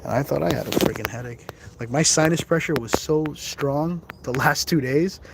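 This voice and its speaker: Outdoors in a cemetery, a man with a fairly high, fry-tinged voice hosts a live ghost-hunting stream at a normal speed, with background noise audible. He rambles in a casual, chatty way as he explores, laughing and making asides.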